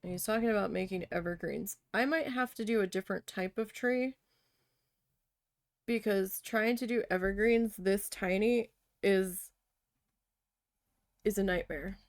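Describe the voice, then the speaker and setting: A woman crafting vlogger talks casually as she works and tells stories bluntly with frequent swearing. Her mid-pitched voice has plenty of gravelly fry. The sound is dry and close. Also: a little slow, long pauses, no room sound. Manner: blunt, heavily profane storytelling. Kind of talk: casual storytelling chat while needle felting.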